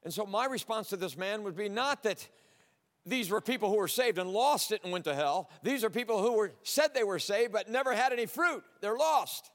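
A man preaching a sermon with emphatic delivery, rising to loud declarations and dropping to low, earnest asides. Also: expressive, normal speed, in a large hall.

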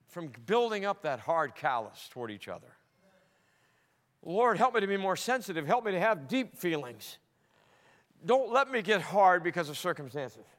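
A middle-aged male pastor preaching a sermon, swinging between loud emphatic peaks and soft low asides. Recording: long hall reverb.

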